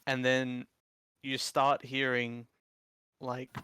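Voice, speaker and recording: Slow, bright-voiced male game master. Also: medium pitch, monotone, smooth, no echo. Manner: casual, rambling with many fillers. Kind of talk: narrating a tabletop game.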